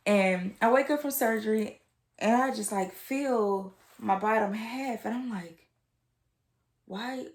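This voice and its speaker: An American vlogger in her twenties shares a personal story with her viewers, sometimes tearing up. Her voice is a little high and unhurried, with a reverberant sound. She's candid and emotional, leaning on plenty of fillers and repeated words.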